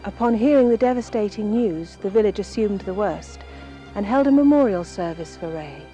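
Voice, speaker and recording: A woman reading scripted documentary narration in a measured, even way. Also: medium pitch, muffled recording, faint music behind.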